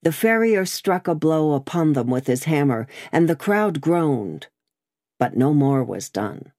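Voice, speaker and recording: Reading scripted narration for an audiobook, a low-voiced woman delivers the story with measured expressiveness. It's a dry, studio-quality recording.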